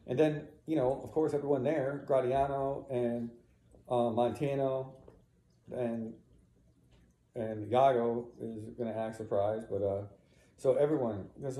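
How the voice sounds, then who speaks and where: A man teaching a play, stopping between readings to explain scenes in a relaxed, conversational way and checking in with "right?". His voice is mellow and dark, and a roomy echo surrounds it. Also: mid-range voice, unhurried.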